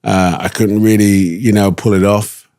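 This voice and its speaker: A man with a London accent, a guest casually telling stories in an animated way, laughing and dropping slang. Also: on the low side, moderate pace. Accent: London English. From England. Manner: animated, laughing storyteller who slips in slang. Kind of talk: casual storytelling chat.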